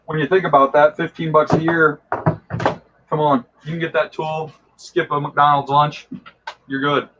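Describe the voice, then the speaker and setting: A man's voice: fairly high pitch, little pitch movement, moderate pace, fairly bright tone. Brief: an easygoing man demoing his crafting tools, chatty with lots of fillers, slightly muffled sound. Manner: enthusiastic, rambling, many fillers. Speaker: costume and prop maker guest. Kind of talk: casual how-to talk.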